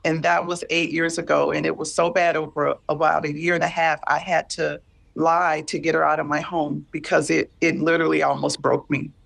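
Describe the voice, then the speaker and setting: A woman in her fifties talking candidly and earnestly about caring for a parent, halting and repeating herself as she searches for words. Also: low voice, flat delivery, gravelly, a bit bright. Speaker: guest sharing caregiving story. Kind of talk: candid emotional conversation.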